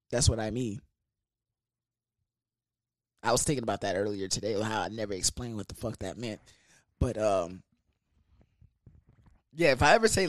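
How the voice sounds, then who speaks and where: A young man hosting a podcast, telling a story in a casual, profane, animated way with laughs. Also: medium pitch, moderate pace, long pauses, no room sound, studio quality. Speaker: podcast host.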